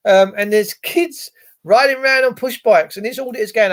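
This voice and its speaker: High, gravelly man ranting. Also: animated, fairly quick. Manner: profane, sarcastic, wandering. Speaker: live-stream host reading chat. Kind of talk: casual ranting commentary.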